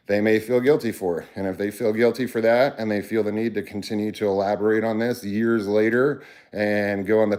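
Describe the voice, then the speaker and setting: A man's voice: on the low side, darkish tone. A man hosting a casual livestream, talking bluntly and earnestly to his viewers and rambling through restarts. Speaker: livestream host.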